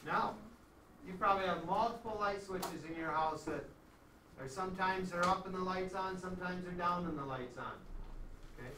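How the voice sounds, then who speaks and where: Man, math teacher, classroom lecture, conversational, fairly high voice, distant mic, light background noise. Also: pushed and bright. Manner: conversational, checks in with "okay?" often. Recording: echoey classroom from far off.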